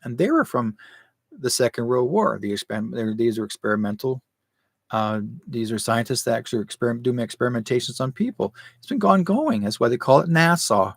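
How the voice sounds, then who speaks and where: A man's voice: mid-range voice, lively intonation, brisk, vocal fry, no echo. A man in his sixties hosting a live commentary show, rambling and conspiratorial, firing off rhetorical questions. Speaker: show host.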